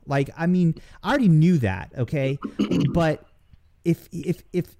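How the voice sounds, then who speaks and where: Profane, rambling man with a dark voice. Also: a little high, unhurried, creaky. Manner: profane, animated ranting with many restarts. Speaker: podcast co-host. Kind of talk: casual chat.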